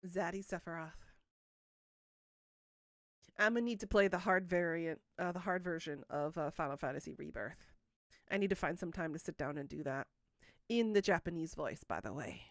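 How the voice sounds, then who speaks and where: A woman in her thirties hosts a livestream with a lowish voice at a moderate pace, leaving long pauses. The studio-quality audio has no room sound as she chats casually and teases viewers while answering them.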